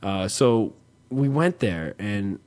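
A man's voice: fairly low pitch, expressive, takes it slowly, a little mellow. A man telling a rambling, self-deprecating story in casual chat, swearing freely.

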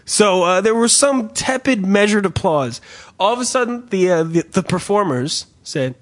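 A man telling a story in casual chat, profane and animated. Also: sits high, moderate pace.

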